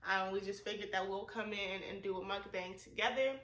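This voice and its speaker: A woman's voice: mid-range voice, steady tone, fairly quick, fairly bright tone. A young woman hosting a casual chat in a laid-back, slangy way, sometimes breaking into giggles. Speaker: vlogger host. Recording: roomy echo, mic at a distance, faint noise.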